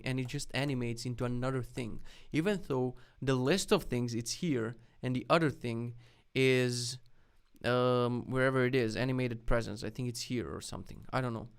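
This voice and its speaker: A young man hosting a live stream about web development, reacting excitedly to links and swearing often with loud outbursts. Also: medium pitch, vocal fry, clear, resonant tone. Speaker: streamer host.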